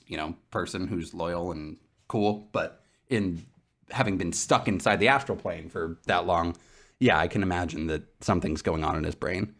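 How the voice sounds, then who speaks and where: A man co-hosting a podcast, chatting casually and excitedly about a TV episode. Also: low-pitched. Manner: excitable, animated storytelling. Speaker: podcast co-host. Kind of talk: casual chat.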